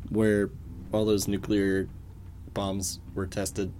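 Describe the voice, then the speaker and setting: A man's voice: fairly low pitch, monotone, slow pace, mellow, a little hiss or hum. Laid-back man co-hosting a podcast. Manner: laid-back, joking, laughs often. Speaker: podcast co-host. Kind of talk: casual chat.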